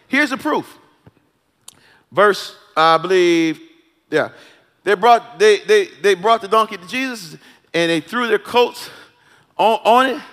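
A man with a very high, bright voice delivers a sermon at a slow, deliberate pace. He moves from calm teaching to loud, high-pitched shouted calls. His voice rings out in a large hall with a long reverb. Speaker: preacher.

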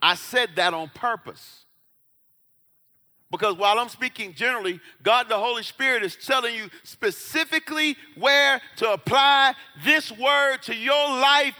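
A man preaching a sermon in a big hall, his high, very bright voice trailing off into long reverb. He takes his time, dropping low and quiet, then rising into shouts as he acts out voices from scripture. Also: a little slow. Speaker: pastor.

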